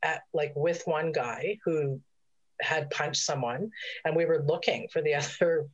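A woman who worked as a corrections officer, telling a story in a relaxed, halting way. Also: deep voice. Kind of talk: casual conversation. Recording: dull lo-fi sound.

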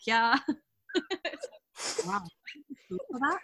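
A woman's voice: a little high, expressive, normal speed, a bit bright. A woman in casual chat, recapping a TV episode, swearing freely and acting out quotes.

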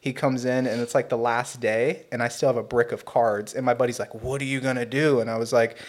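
Man, young adult, podcast co-host, casual storytelling, animated, swears, mid-pitched voice. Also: fairly quick. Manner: animated, swearing, acts out quotes loudly.

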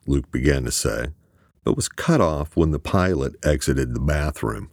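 A man narrating an audiobook in an expressive, crude, scripted style. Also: a bass voice, moderate pace, no echo, studio quality.

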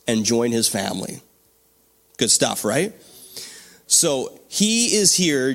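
Male pastor, fairly high voice, very lively pitch, animated sermon delivery that checks in with the congregation. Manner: animated, asks the congregation for responses.

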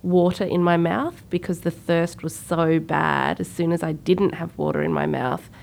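Low gravelly-voiced woman telling a story. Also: normal speed, a little hiss or hum. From Sri Lanka. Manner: animated, acts out quoted voices. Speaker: podcast co-host. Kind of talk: casual conversational storytelling.

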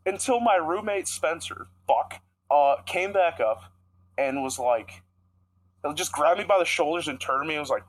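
A man's voice: fairly high pitch, animated, normal speed, rough recording. A young man co-hosting a podcast, telling a rambling, profanity-heavy story in casual chat. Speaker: podcast co-host.

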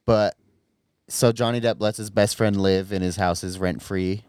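Podcast co-host, man, lowish voice, dry close sound, fired-up and sweary. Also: a little slow, clear, resonant tone, no room sound. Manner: excitable, swears a lot, rises sharply when worked up. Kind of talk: casual chat.

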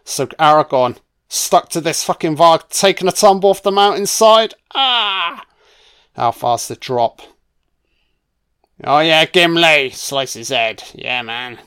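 Excitable swearing man, smooth voice. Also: on the high side, unhurried. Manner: excitable, swears a lot, talks to the screen. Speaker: film commentator. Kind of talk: casual film commentary. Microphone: home microphone, audio only.

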